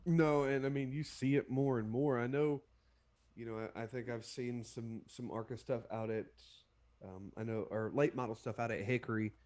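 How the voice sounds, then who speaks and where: Halting podcast co-host man. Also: medium pitch, fairly even intonation, darkish tone. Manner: halting, searching for words. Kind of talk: casual podcast chat.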